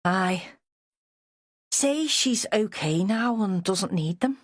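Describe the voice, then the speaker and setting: A woman's voice: medium pitch, expressive, takes it slowly, no room sound, studio quality. A woman voicing a weedy, worried Liverpool man. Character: weedy Liverpool man, anxious devoted husband.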